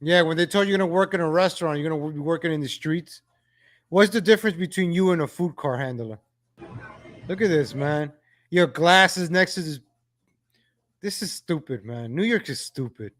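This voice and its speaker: A man ranting in exasperation as he comments on videos for his viewers, calling them ladies and gentlemen. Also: fairly high pitch, moderate pace.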